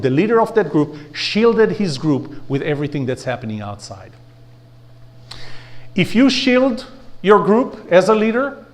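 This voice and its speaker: A man giving a blunt, animated leadership lecture to a live audience, asking rhetorical questions and having the audience repeat phrases after him. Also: on the high side.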